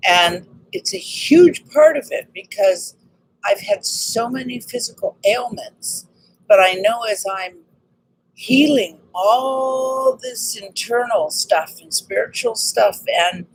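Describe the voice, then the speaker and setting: Earnest woman, slightly raspy voice. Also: on the high side, rough recording. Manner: earnest, excited, spiritual self-help talk. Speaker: vlogger. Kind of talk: casual personal vlog.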